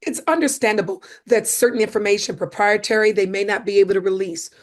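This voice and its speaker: A woman speaker and coach, a guest on a podcast, explaining communication with animated emphasis and acted-out examples. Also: mid-range voice, quick pace.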